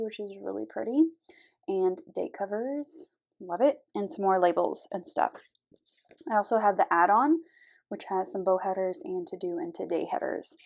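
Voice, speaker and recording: A woman, chatting warmly and gushing as she walks through her planner stickers, her voice a little scratchy from a cold. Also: medium pitch. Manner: gushing, chatty, frequent soft asides. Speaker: planner vlogger. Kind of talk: casual chat over a craft video.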